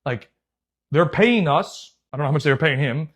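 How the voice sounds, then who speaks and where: A young man tells a story in a loose, slangy way, swearing freely and calling the listener bro. His voice sits a little high for a man. He talks like a coach venting to a friend. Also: normal speed. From United States. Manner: animated, swears a lot, says "bro" and "dude". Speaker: youth soccer coach and channel host. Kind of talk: casual storytelling.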